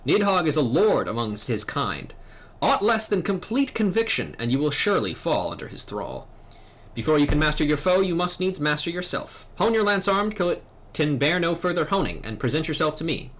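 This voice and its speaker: Male streamer doing grave old knight mentor, formal, lively swoops. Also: a little high, a little fast, voice pushed up. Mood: stern. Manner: solemn, formal. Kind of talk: reading game dialogue aloud.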